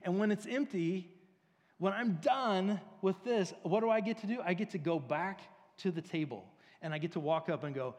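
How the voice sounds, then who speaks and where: A man's voice: sits high, moderate pace. A man preaching a casual, conversational sermon, telling stories with lots of fillers. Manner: casual, filler-heavy, storytelling. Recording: long reverb of a large hall.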